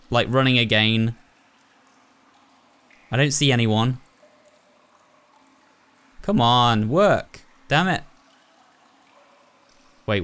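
Here a young man who makes gaming videos comments on a horror game as he plays, speaking to viewers and thinking out loud. His voice is mid-range and a bit bright. You can clearly hear the game's horror ambience behind him.

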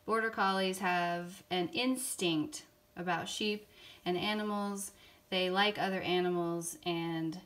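A woman teaching an online art lesson for young children, explaining slowly and patiently. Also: fairly low pitch, fairly even intonation, fairly bright tone.

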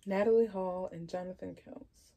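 A woman from Philadelphia reviewing a film in a playful, expressive casual chat. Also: on the low side, moderate pace. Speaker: movie reviewer.

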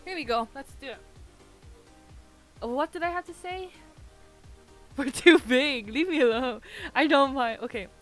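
Woman streamer, higher voice, excitable and giggly, casual chat over soft game music. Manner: excitable, chatty, quick to laugh.

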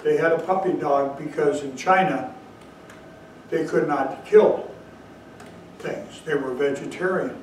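A man's voice: on the high side, a little hiss or hum. Echoey, distant Zen teacher man. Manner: storytelling, slow emphatic asides. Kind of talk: dharma talk. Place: meditation hall. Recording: very echoey room, far from mic.

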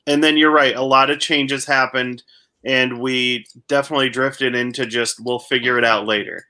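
A man's voice: medium pitch, steady tone, moderate pace, pushed and bright. A man co-hosting a casual chat, thinking aloud in a musing way. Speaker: co-host.

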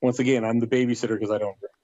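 A man telling a story as a podcast guest, in a lively way that acts out the other people's lines. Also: medium pitch, very fast, dry recording. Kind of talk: casual anecdote. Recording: dull lo-fi dry recording.

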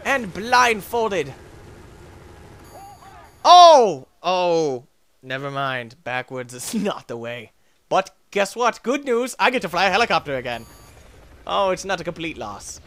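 Excitable jokey man playing a video game. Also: high voice, measured pace. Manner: excitable, jokey, yelps and narrates his own play. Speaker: gaming channel host. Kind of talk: let's play commentary.

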